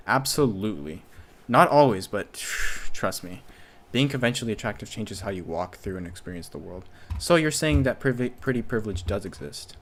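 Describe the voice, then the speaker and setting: A man's voice: lowish voice, lively intonation, normal speed. A man streaming from home, reading posts aloud and reacting in a loose, casual way, swearing freely and muttering to himself.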